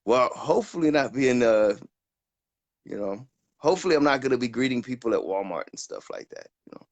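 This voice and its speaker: A man's voice: medium pitch, expressive, a little fast. A man chatting as a guest, telling rambling stories, laughing a lot and acting out customers he has met. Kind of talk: casual chat.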